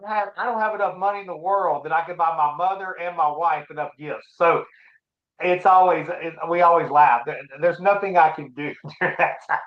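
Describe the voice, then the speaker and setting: A middle-aged man as an interview guest, telling his personal story in a halting, reflective, earnest way. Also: on the high side. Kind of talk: casual conversation, personal story. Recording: roomy, dull lo-fi sound.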